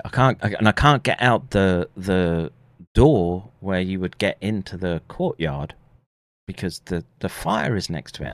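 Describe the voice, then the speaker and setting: A man's voice: lowish voice, no echo, clean studio sound. A middle-aged man live streaming, telling a story in casual, rambling speech full of swearing and restarts. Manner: profane, rambling, many restarts.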